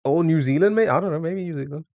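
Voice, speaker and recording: A man's voice: a little high, fast, vocal fry, darkish tone, no echo, studio quality. A man streaming a guessing game, thinking aloud in a rambling way full of restarts and fillers. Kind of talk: casual live-stream commentary.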